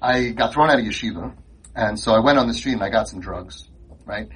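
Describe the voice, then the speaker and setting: A man's voice: on the low side, brisk, slightly rough, distant mic, voice pushed down, poor audio. A man mocking as a smug young ex-addict. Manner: mocking, deadpan boasting. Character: sarcastic young man, former drug user, smug.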